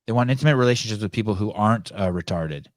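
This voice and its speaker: A man hosting a live call-in podcast, talking in a rambling, halting way with many restarts. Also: fairly low pitch, no room sound, clean studio sound. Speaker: podcast host.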